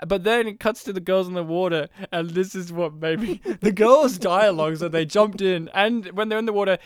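A woman's voice: medium pitch, a little fast, no echo, studio quality. Laughing woman recapping a movie. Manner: laughing, animated storytelling with imitations. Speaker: podcast co-host. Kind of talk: casual movie review chat.

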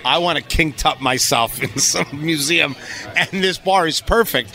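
A man telling stories as a podcast guest, profane and excitable, often laughing. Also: a little high, measured pace, soft background music. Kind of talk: casual storytelling.

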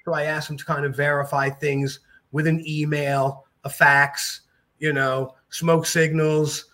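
A middle-aged man telling stories as a podcast guest, animated and jokey. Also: on the high side, measured pace. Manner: animated, jokey, mimics voices. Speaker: podcast guest, jiu-jitsu black belt. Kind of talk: casual storytelling.

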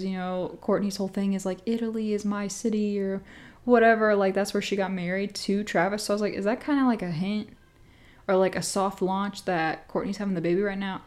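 A young woman of twenty talks on her own podcast in an easy, rambling way, full of "like." She gets animated and shoots up in pitch when something thrills her. Mid-range voice. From Missouri, US. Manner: chatty and animated, heavy use of "like," jumps up in pitch when excited. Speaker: podcast host. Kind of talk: solo casual podcast chat.

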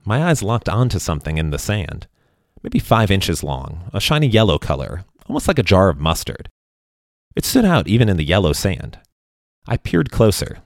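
A man narrating a first-person story in a wry, deadpan way. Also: low voice, moderate pace, creaky, no echo, clean studio sound.

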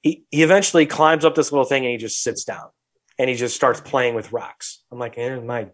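A young adult man hosting a podcast, telling a story in a lively, profane, casual way. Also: mid-range voice, fairly quick. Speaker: podcast host.

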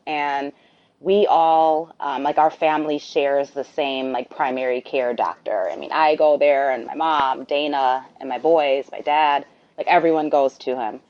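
Brief: talkative woman, lower voice, rambles and acts out lines, muffled lo-fi audio. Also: fairly even intonation, a little slow, darkish tone. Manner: chatty, rambling, acts out dialogue. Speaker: guest, the host's sister. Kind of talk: storytelling conversation. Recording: dull lo-fi sound.

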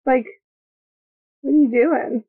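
A woman's voice: sits high, takes it slowly, breathy edge. Chatty woman co-host, tinny line. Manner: chatty, excitable, reads out her notes. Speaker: podcast co-host. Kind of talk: casual movie-watching chat. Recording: tinny phone-like sound.

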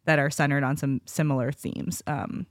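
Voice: mid-range voice, steady tone, moderate pace, dry recording, clean studio sound. A guest on a casual film podcast, attentive and agreeable, often chiming in. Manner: attentive, agreeable, frequent backchannels.

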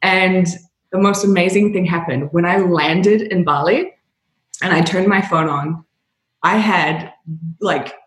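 Animated laughing woman, echoey room. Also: fairly low pitch. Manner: animated, laughs often, voice rises when excited. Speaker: podcast guest. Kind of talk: casual interview storytelling.

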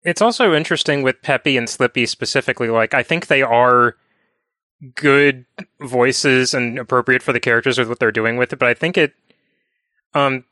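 A man with a bright, crisp voice talking through a relaxed podcast chat. He fills his sentences with "like" as he works toward his point, and his voice comes across close and dry. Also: mid-range voice, no room sound. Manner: chatty, leans heavily on "like" fillers. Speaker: podcast co-host. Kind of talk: casual chat.

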